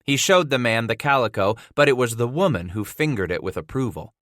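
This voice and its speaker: A male audiobook narrator tells a frontier tale in a steady, measured way. His voice sits at an ordinary pitch and is recorded close and dry, with no room sound at all. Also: dry recording. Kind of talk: scripted narration.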